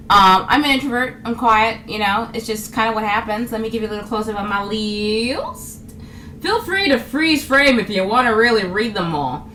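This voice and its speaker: A woman's voice: on the high side, fairly bright tone, a little hiss or hum. A young woman from New York, a vlogger, talking to camera in a casual comedic monologue, chatty and often laughing. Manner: chatty, laughs a lot, acts out other people's lines.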